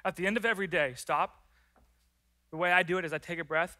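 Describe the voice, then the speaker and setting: Male pastor preaching, higher than most men, bright and forceful, animated delivery that acts out little prayers. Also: rapid-fire. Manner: animated, acts out prayers and complaints in lively voices. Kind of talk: sermon. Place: church.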